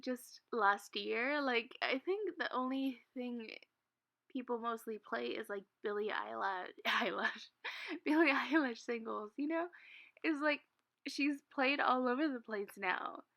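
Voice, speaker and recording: A young woman with a slightly high voice chats with her viewers in a loose storytime way. She giggles often and fills her sentences with "like" and "um". Her voice often sinks to a soft, low murmur. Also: unhurried. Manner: chatty and giggly, full of "like" and "um". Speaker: Sims content creator. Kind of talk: casual storytime chat.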